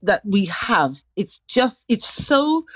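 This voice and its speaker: A woman talking as a guest on a radio show. Her voice swings widely in pitch as she acts out greetings she hears around town. The studio sound is close and dry. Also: sing-song, takes it slowly, fairly bright tone, no echo, low-quality recording. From London. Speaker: radio guest and dance teacher. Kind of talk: live radio chat.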